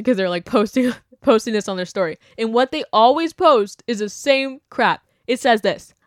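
A woman's voice: mid-range voice, a little fast, hardly any pauses, no echo, clean studio sound. A young woman hosting a podcast, talking bluntly and animatedly in casual opinion chat, mocking the people she quotes. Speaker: podcast host.

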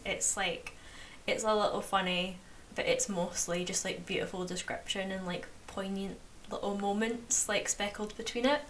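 Woman reading a book bit out loud then chatting, says "like" a lot, bit of hiss. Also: mid-range voice, level tone, moderate pace, hardly any pauses, recorded from a distance, low-quality recording. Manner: gentle reading, chatty with many "like" fillers. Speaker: podcast co-host. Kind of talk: reading a novel aloud, then casual book chat. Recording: faint background hiss.

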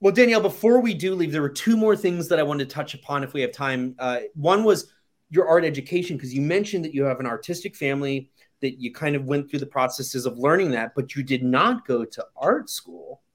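A man with a slightly raised pitch hosts an easygoing podcast conversation. He speaks frankly, with the odd casual swear word. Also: lively intonation, brisk. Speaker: podcast host. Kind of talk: casual chat.

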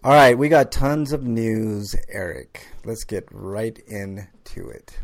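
A man's voice: on the low side, expressive, takes it slowly, creaky. A man hosting a casual gaming podcast, loose and joking, swearing freely and laughing often. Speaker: podcast host.

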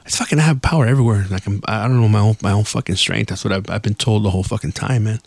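A man with a low, gravelly voice rambles through a profane story on his podcast. He laughs often and talks loosely, as if chatting with friends. The sound is close and dry, with no room around it. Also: very fast, darkish tone, dry recording. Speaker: podcast host. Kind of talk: casual storytelling rant.

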